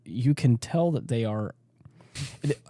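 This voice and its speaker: Male podcast co-host, casual and rambling, warm low-key voice, dry close mic. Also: expressive, slow, no room sound. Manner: rambling, many restarts and fillers. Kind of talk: casual chat.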